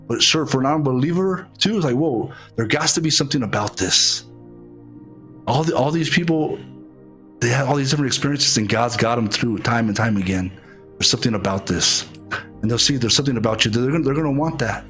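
A man preaching an online sermon, halting and repeating his words, earnest and heartfelt, calling viewers to prayer. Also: mid-range voice, a bit bright. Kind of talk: online sermon with altar call.

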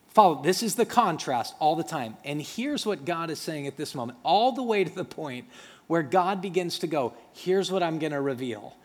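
In a reverberant hall, a pastor preaches a sermon in an animated, conversational style, voicing the different speakers in his story and tossing asides to the congregation. His voice is a little high and his pace moderate.

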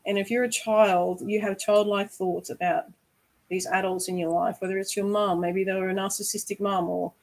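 A woman's voice: medium pitch, flat delivery, moderate pace, low-quality recording. Earnest woman host, candid talk. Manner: earnest, repeats "right?" often. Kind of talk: candid conversation.

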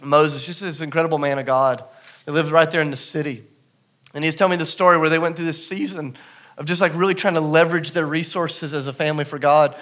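A male pastor preaching a sermon in a church service, telling stories that swing from hushed to loud and emphatic. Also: on the high side, steady tone, fast.

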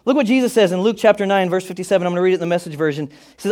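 A male pastor preaching a sermon to a church, telling funny stories in a lively way. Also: sits high, rapid-fire, few pauses. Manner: animated, humorous storytelling. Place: church auditorium.

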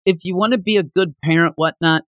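Man, podcast host, casual recap, animated, laughing, slightly high voice, dry close sound. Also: a little fast, dry recording, muffled recording. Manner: animated, laughing, acts out quotes. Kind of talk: casual manga recap chat.

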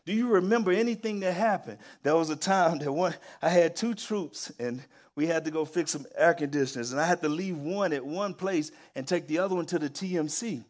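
A man preaching a sermon, telling stories with emphatic repetition and building to loud, excited peaks. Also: fairly high pitch, fairly quick, few pauses.

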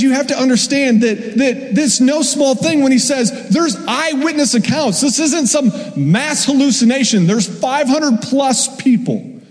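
A man preaches in a high, light voice, bouncing into little acted voices for the people in his story. His words ring out with a long reverb that hangs in the hall. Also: darkish tone. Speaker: pastor. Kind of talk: sermon.

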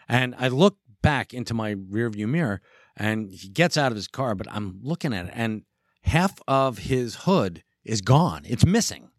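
A man in his thirties telling a profane, animated story in casual chat. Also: mid-range voice, normal speed, no room sound, clean studio sound. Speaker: podcast guest.

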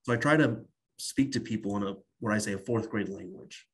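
A man with a fairly low, husky voice, talking as a guest on an interview. He explains his work in a relaxed, rambling way, with plenty of "you know" and "like" along the way. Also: a little fast. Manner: loose storytelling with many fillers. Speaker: guest tax strategist. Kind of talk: casual interview talk.

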